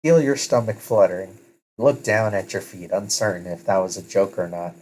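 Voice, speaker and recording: Low-voiced man narrating a story. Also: moderate pace, a little mellow, a little hiss or hum, low-quality recording. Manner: self-correcting, casual. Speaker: story reader. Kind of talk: second-person story narration.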